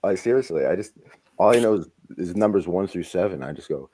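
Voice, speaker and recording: A man hosting a casual podcast chat, animated and jumping between loud bursts and low mumbles. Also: fairly quick, poor audio. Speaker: podcast host.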